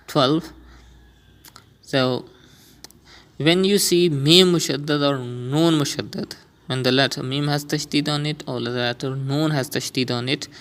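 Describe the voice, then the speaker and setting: For learners just starting to read the Quran, a man with a fairly high, slightly bright voice that is clear and resonant explains the rules step by step. He patiently repeats each sound slowly so students can follow.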